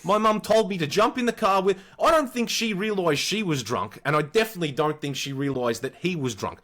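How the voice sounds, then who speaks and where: A man's voice: high-pitched, fairly quick. Blunt, swearing Australian man telling stories. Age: 40s. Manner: animated, profane, blunt. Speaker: podcast co-host. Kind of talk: casual storytelling.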